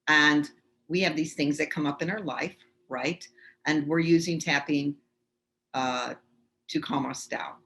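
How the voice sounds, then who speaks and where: A woman's voice: low-pitched, a little hiss or hum. A woman leading a live online tapping workshop, chatty and reassuring, demonstrating as she talks over a video call. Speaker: tapping instructor.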